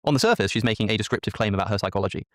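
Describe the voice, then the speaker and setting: A man's voice: lowish voice, very fast, dry recording, studio quality. A man explaining an idea analytically in a played clip, talking articulately and acting out brief quotes. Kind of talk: explanatory talk.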